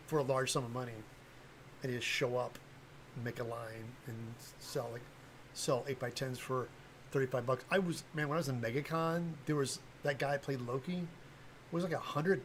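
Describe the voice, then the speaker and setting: A man's voice: mid-range voice, a little hiss or hum, low-quality recording. An older man talking casually on a livestream, blunt and rambling, with lots of fillers and restarts. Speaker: livestream host, cosplay prop maker.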